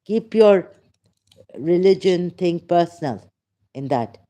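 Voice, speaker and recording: Slow talking guy hosting a stream, soft dark voice, gets worked up and indignant, keeps saying uh. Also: high-pitched, animated. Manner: emphatic, indignant, halting with many fillers. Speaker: channel host. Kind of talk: rambling livestream monologue.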